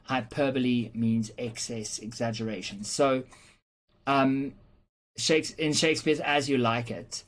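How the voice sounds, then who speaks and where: Speaking a little slowly in a steady, medium-pitched voice, an English teacher patiently explains rhetorical devices through examples. Along the way the teacher asks "okay?" and leans on frequent "um" fillers and small restarts.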